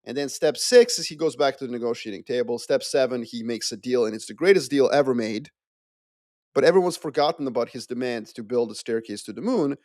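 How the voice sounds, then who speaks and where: A man, a podcast guest, explaining his view with animated storytelling and playful asides. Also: medium pitch, a little fast, no echo, clean studio sound. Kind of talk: casual geopolitical discussion.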